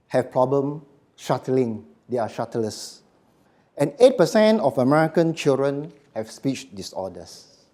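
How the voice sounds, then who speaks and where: A man giving a voice workshop to a live audience, speaking slowly and emphatically and letting his phrases drop quietly at the end. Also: medium pitch. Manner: slow, emphatic, dropping to quiet endings. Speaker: voice coach.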